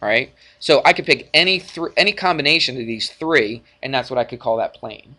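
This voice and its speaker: A male math teacher lecturing a class in a classroom, energetic and jokey, often checking in with the students. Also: mid-range voice, a little fast. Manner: energetic, jokey, asks frequent check-in questions.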